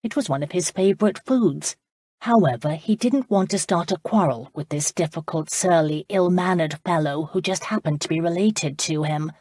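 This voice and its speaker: A woman narrating an audiobook in a steady, even storytelling manner. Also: lowish voice, moderate pace, husky, no room sound. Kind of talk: scripted narration.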